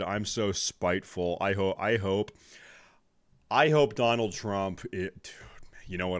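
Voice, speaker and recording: A young man reacting to a video as a streamer, gloating and swearing, swinging between muttered asides and loud angry outbursts. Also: low-pitched, unhurried. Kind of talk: casual reaction commentary.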